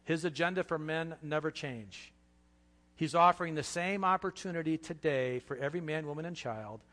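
A man's voice: a little high, moderate pace. Impassioned male preacher in a reverberant hall. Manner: impassioned, swings from hushed to loud. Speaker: pastor. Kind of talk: sermon.

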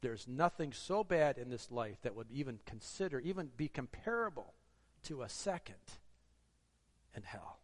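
A man preaching a sermon, earnest and exhorting, asking the congregation rhetorical questions. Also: a little high. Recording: long hall reverb.

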